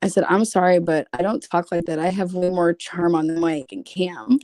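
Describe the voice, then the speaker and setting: Reading viewers' private messages on a relaxed stream, this woman mixes in profane, sarcastic, blunt asides. She speaks at normal speed in a fairly low, darkish voice with fairly even intonation, and the studio-quality audio has no echo.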